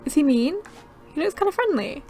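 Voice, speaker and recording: A young woman giving casual, excitable gameplay commentary, gasping and chattering to the creatures on screen. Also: high-pitched, a little fast, faint music behind. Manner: bubbly, gasping, easily excited. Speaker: gaming channel host.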